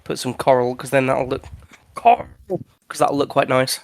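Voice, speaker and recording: A man's voice: medium pitch, flat delivery, normal speed, vocal fry. A man chatting casually in voice chat while playing a game, stumbling and restarting his sentences. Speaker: server player.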